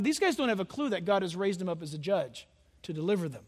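A man with a very high voice preaches through a scripture passage, stopping for lively, chatty asides to his congregation. His words ring out with the long reverb of a large sanctuary. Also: quick pace. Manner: conversational, animated storytelling asides. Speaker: pastor. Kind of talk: expository sermon.

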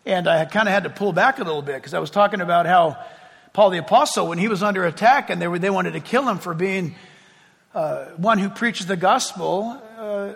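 A man, a pastor, preaching a sermon in a church, talking in a lively, conversational way with asides. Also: high voice, brisk, creaky, breathy edge. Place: church sanctuary before a congregation. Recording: long reverb of a large hall.

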